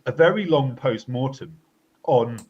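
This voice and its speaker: A man gives political commentary on a podcast. He talks in a halting, unscripted way, with plenty of fillers and restarts. His voice sits at a middling pitch, and the recording sounds a little dull and lo-fi. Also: lively intonation. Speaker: co-host. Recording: slightly dull lo-fi audio.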